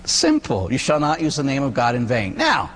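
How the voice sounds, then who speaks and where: A man, a Catholic priest, giving an animated, conversational sermon full of rhetorical questions. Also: medium pitch, normal speed, long reverb tail.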